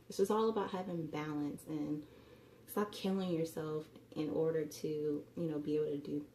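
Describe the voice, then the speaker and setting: A woman's voice: low voice, warm tone. Earnest woman vlogger in an echoey room. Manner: earnest, coaching, repeats "you know" often. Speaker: health and fitness vlogger. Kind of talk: casual motivational talk to camera.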